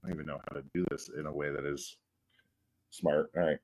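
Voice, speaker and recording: A man playing a tabletop game, describing his hero's actions in a rambling, animated way. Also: extremely low pitch, fast talker, a little hiss or hum, rough recording. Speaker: player. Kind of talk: casual tabletop game play.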